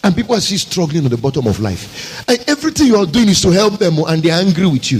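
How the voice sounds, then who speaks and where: A man's voice: on the high side, sing-song, quick pace, a little hiss or hum, rough recording. A man pastor, preaching a sermon with emphatic, rhetorical repetition.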